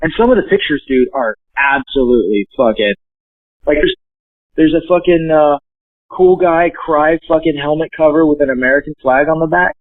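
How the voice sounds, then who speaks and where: A man chatting as a guest over a tinny, phone-like line with a dry sound. His voice sits fairly high for a man. He jokes and swears freely, and his stories come out animated. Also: moderate pace, no room sound. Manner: profane, joking, animated storyteller. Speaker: podcast guest. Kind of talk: casual chat.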